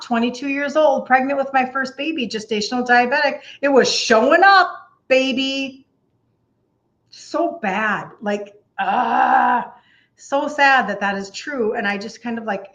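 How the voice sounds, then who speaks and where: A Minnesotan woman in her fifties talks through a casual livestream as a health coach. She chats loosely, laughs easily and leans on fillers. Her voice sits at a middle pitch, and the sound is a little dull and lo-fi. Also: fairly bright tone. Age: 50s. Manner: chatty, laughs often, uses many fillers.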